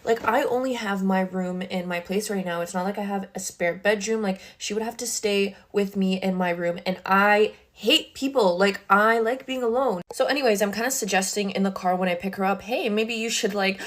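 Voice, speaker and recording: A young woman sits at her bedroom makeup table and tells a story in a chatty, exasperated way. Her talk is loose and full of filler words, with a voice of ordinary medium pitch. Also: brisk, hardly any pauses, a bit bright. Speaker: social media creator. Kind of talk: casual storytime vlog.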